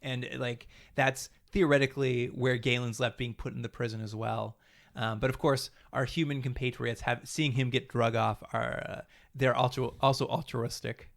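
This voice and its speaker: This podcast co-host has a mid-range, creaky voice and a level tone. He recaps an episode quickly and casually, rambling along, acting out the characters' lines and laughing as he goes.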